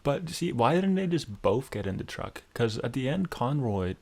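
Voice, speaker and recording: A man's voice: mid-range voice, big pitch swings, moderate pace, darkish tone. A young man co-hosting a podcast, chatting casually about a film, easygoing and agreeable. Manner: easygoing, agreeable, short replies and questions. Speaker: podcast co-host. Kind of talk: casual film recap chat.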